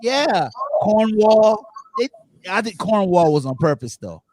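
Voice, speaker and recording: A man hosting a casual panel talk show, animated and laughing, repeating phrases for effect. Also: sits high, a little slow, a little hiss or hum.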